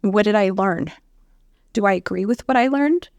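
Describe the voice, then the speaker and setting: A woman's voice: medium pitch, moderate pace, darkish tone, no room sound. A woman, a psychologist guest on a podcast, explaining ideas in a thoughtful way and often checking in with "right?". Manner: explanatory, says "right?" often, thinks aloud with "um". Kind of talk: casual conversation.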